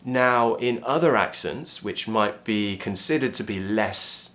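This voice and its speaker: A man with a British RP accent teaching an online pronunciation lesson, clearly modelling vowel sounds. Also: fairly low pitch, a little slow, a bit bright. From Britain.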